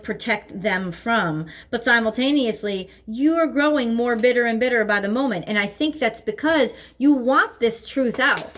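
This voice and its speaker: Earnest woman giving a tarot reading. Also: on the high side. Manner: earnest, repeats herself while thinking aloud. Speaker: tarot reader. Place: home, seated at desk with her dog nearby.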